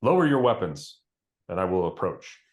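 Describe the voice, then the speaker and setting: Tabletop role-play: man playing a sharp, watchful cat-folk archer woman, pitched up. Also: very animated, moderate pace. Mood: wary.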